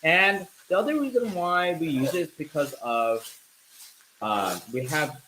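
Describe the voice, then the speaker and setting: A man's voice: fairly high pitch, animated, a little slow, sharp tone, slight background noise, low-quality recording. A man co-hosting a live stream, chatting casually while cooking in a home kitchen with food sizzling behind him. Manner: chatty, playful, repeats words.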